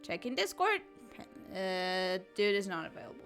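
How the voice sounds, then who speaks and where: A woman's voice: medium pitch, big pitch swings, moderate pace, fairly bright tone, faint music behind. A woman chatting casually on a live art stream, giggling often as she playfully answers chat while she draws.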